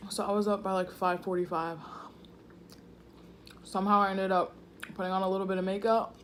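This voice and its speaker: A woman's voice: medium pitch, flat delivery, brisk, a little hiss or hum. A woman vlogger chatting casually and slangily between bites while eating at home. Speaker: mukbang vlogger. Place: home room indoors. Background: faint thunderstorm.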